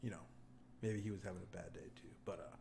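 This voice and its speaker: Profane, animated young man telling a story. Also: deep voice, fast talker, gravelly. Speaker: podcast host. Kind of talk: casual storytelling chat. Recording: roomy echo, faint background noise.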